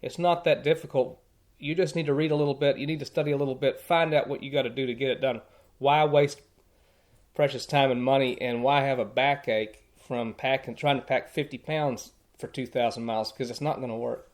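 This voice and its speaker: A man talks as a guest on a podcast, in an earnest, chatty voice of middling pitch. He tells his stories casually, restarting sentences as he goes and warming to his point. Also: fairly even intonation, brisk. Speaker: podcast guest, thru-hiker. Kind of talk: casual storytelling conversation.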